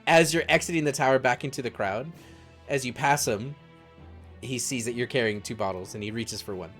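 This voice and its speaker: A man narrating as game master of a tabletop game, relaxed and descriptive. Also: mid-range voice, a little fast, soft background music.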